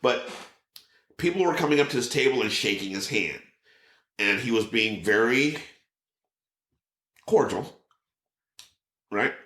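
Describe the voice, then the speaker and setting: A man guest on a chat podcast, telling an animated story, swearing freely and acting out the people in it. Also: mid-range voice, unhurried, pauses often, reverberant.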